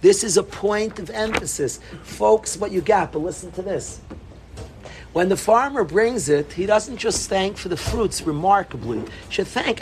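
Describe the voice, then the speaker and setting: A middle-aged man giving an animated Torah talk to students, repeating himself and bursting into emphatic calls. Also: high voice, moderate pace, a little hiss or hum. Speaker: yeshiva rabbi.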